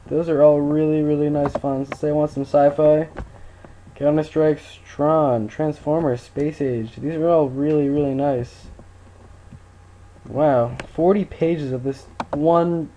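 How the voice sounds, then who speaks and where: A relaxed man walks through a screen-recorded computer tutorial in a loose, rambling way. His voice sits a little high with a mellow, soft tone. A faint hiss runs under the recording. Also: unhurried, lo-fi sound. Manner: laid-back, rambling with fillers. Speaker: tutorial maker.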